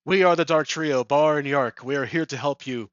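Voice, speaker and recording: A man voicing an eager young male tavern worker who names himself leader, speaking a little higher and louder than his own voice. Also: normal speed, no room sound, natural voice. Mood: earnest. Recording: dull lo-fi sound.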